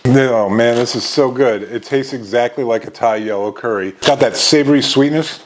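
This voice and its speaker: In a casual food review, a snack-show host samples chips, enthusiastically describing them and using plenty of fillers. He speaks at medium pitch and normal speed, with a little hiss or hum on the recording.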